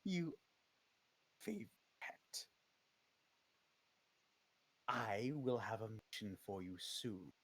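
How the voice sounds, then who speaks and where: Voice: mid-range voice, dry recording. A game master voicing a villainous female eldritch empress who calls everyone darling, in a silky, condescending manner during a tabletop game. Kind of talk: tabletop role-play voicing.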